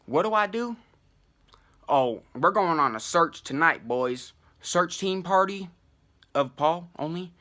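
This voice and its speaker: A young man telling a wild personal story in casual, profane slang, full of fillers and animated asides. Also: on the high side.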